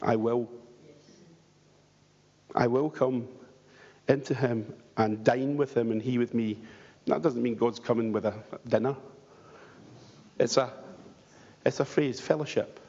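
In a church hall, a pastor with a mellow, husky mid-range voice preaches at a measured pace, pausing often. He pleads earnestly with the congregation and poses rhetorical questions. The lo-fi recording sounds dull, with a long reverb.

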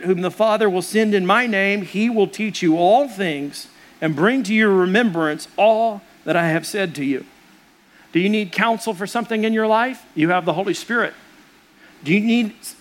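A man's voice: sits high, fairly bright tone. A middle-aged man preaching a sermon as a pastor, earnest and conversational.

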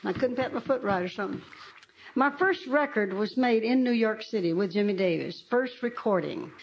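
A woman's voice: fairly high pitch, lively intonation, moderate pace, a little hiss or hum. An older woman from Arkansas, a country singer, telling homespun stories on stage between songs and laughing as she talks. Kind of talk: folksy onstage storytelling between songs. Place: live stage at an outdoor folk park venue. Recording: dull lo-fi live recording with loud guitar music.

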